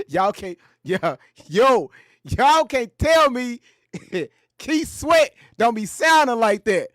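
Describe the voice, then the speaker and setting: Man, commentary host, high-pitched, very lively, joking, profane slang, dry close sound. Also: slow, dry recording. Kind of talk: casual commentary.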